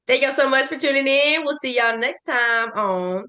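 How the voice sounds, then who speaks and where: A woman co-hosting a podcast in casual chat, jokey and quick to tease. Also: high-pitched, pushed and bright. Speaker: podcast co-host.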